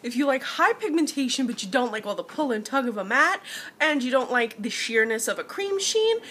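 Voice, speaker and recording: A woman's voice: high-pitched, sing-song, fairly quick, fairly bright tone, a little hiss or hum. Chatty woman reviewing lipsticks. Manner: chatty, addresses viewers as guys. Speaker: beauty vlogger. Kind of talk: casual product review.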